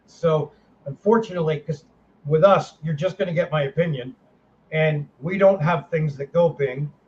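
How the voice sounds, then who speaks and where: A man's voice: on the high side, a little mellow. A middle-aged man hosting a paranormal panel over a video call, talking in a blunt, rambling way and often correcting himself. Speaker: host, paranormal investigator. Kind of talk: casual panel chat. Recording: dull lo-fi audio with faint hiss.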